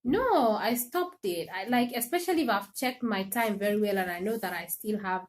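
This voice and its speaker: A woman's voice: medium pitch, animated, normal speed. A woman hosting a livestream, chatting casually and animatedly, laughing often and speaking directly to her viewers. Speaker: livestream host.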